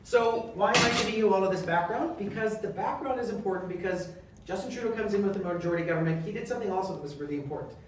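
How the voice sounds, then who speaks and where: A Canadian man, a member of parliament and guest speaker, telling stories in an animated way and acting out quoted dialogue. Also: sits high, fast. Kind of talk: storytelling talk. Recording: echoey and distant, faint noise.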